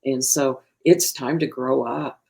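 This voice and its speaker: A woman's voice: extremely low pitch, fairly even intonation, takes it slowly, vocal fry, dark tone. A woman guest teacher in a casual faith discussion, earnest and emphatic as she explains.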